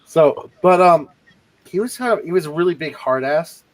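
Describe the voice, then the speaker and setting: In a rough recording, a man with a fairly high voice and moderate pace co-hosts a livestream and tells casual stories from his army days. He swears freely and animates each anecdote by performing the voices of those he quotes.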